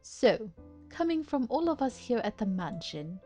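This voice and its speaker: A woman voicing a sly, cruel male monster illusionist who talks down to others in a slow, mocking drawl while reading game dialogue aloud. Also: a little high, very animated, warm tone, soft background music. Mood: scolding. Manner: drawling, condescending teasing.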